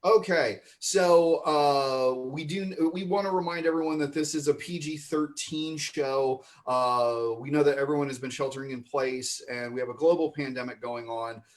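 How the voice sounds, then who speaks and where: A man's voice: fairly high pitch, steady tone, moderate pace, hardly any pauses. A man hosting an online improv comedy show, introducing the cast with rambling, filler-laden banter over a video call. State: mouth full of marshmallow. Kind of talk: livestream host banter.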